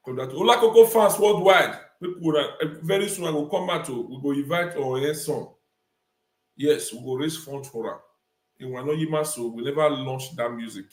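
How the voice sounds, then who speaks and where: Ranting Nigerian man in an echoey room. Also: on the high side. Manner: emphatic, repeats phrases. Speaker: talk show host. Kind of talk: ranting live-stream commentary.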